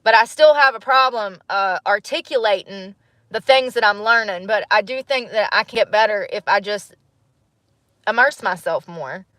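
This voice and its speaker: Woman, thirties, casual vlog monologue, reflective, animated, laughs, mid pitch, dry sound. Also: moderate pace, dry recording. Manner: musing, animated, laughs often. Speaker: vlogger.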